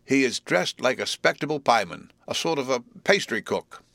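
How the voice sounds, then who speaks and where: A man voicing a nervous, slow-witted male go-between with a stuffy head cold, talking hesitantly and humbly. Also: medium pitch, animated, gravelly, a bit bright, dry recording, voice pushed up. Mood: nervous humble.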